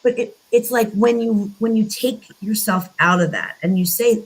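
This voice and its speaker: A woman's voice: medium pitch, steady tone, slow, slightly rough, poor audio. A woman co-hosting a casual conversation about emotions, speaking in an earnest, coaching way. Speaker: co-host.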